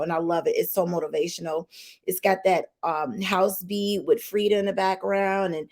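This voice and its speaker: A woman's voice: mid-range voice, moderate pace, gravelly, a little mellow. A woman hosting a podcast, talking straight to her viewers in an outspoken, emphatic way and repeating her points. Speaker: podcast host. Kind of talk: casual opinion talk to viewers. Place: live online stream.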